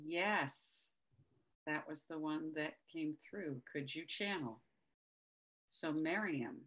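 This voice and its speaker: Bright, lower-voiced woman reader. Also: slow. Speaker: psychic reader, guest. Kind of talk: casual live-stream chat.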